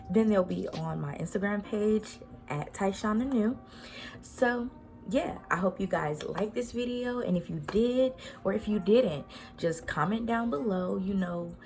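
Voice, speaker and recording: A young woman with a medium-pitched, darkish voice vlogs from her bedroom, chatting easily to camera in slangy, laid-back talk. Music can be heard in the background.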